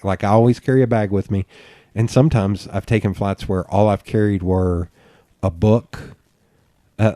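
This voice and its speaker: A male podcast host with a low, mellow voice tells loose, animated stories, swearing freely and laughing often. The sound is close and dry. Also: dry recording. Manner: laughs often mid-sentence. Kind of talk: casual chat.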